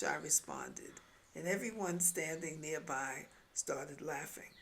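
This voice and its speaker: A woman's voice: low-pitched, animated, slow pace, fairly bright tone. A woman with a New York accent, reading her memoir aloud in a wry, storytelling way. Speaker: memoir author.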